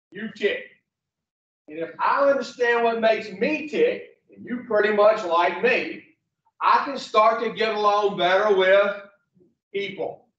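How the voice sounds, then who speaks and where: Man, unpolished motivational speaker, talks slowly and bluntly, swears, recording is dull and lo-fi. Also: high-pitched, fairly bright tone. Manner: blunt and preachy, asks the room questions, swears. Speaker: speaker addressing rehab patients. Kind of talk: motivational talk to a group. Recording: echoey, distant, dull lo-fi sound.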